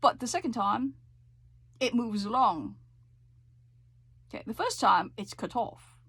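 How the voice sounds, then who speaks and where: A woman's voice: a little high, expressive, measured pace, a bit bright, breathy edge, no echo. A woman teaching a voice lesson, coaching with frequent check-ins and sung demonstrations. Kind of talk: singing lesson explanation.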